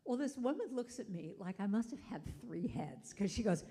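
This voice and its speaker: A woman's voice: fairly high pitch, fairly quick. A middle-aged woman giving a chatty sermon, telling stories and acting out quotes. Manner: chatty, animated storytelling with acted-out quotes. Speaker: guest speaker. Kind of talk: sermon storytelling. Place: church sanctuary.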